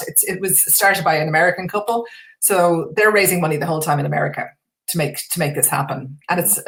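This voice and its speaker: An Irish woman chatting casually as a guest on a live stream, enthusiastic and full of restarts. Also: fairly low pitch. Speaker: guest artist.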